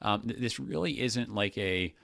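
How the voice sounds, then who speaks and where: A man's voice: lowish voice, animated, moderate pace, creaky, a bit bright, dry recording, clean studio sound. A man hosting a radio talk show as a pastor, thinking aloud in casual talk with many restarts and fillers.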